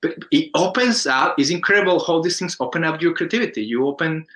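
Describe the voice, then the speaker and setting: A man from Colombia with a Colombian Spanish accent, a guest in a casual interview, telling stories in a lively way and acting out quoted voices. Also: fairly high pitch, fast talker, rough recording. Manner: animated storyteller, acts out quoted voices, restarts often.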